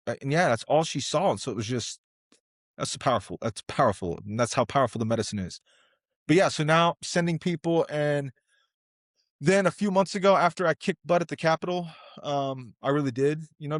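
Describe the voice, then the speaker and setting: A man speaks as a podcast guest in a passionate, earnest way, circling back with plenty of fillers. His voice sits at an ordinary middle pitch. The sound is close and dry, with no room around it. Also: no echo. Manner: passionate, earnest, rambling storytelling. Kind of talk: casual interview conversation.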